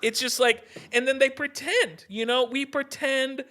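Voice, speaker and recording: A fairly high-pitched young man rants into his podcast mic, heated and profane. He stumbles through restarts and keeps calling the listener "dude." The talk is casual and loose. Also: fairly even intonation, unhurried, pushed and bright. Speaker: podcast host. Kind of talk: casual ranting podcast monologue.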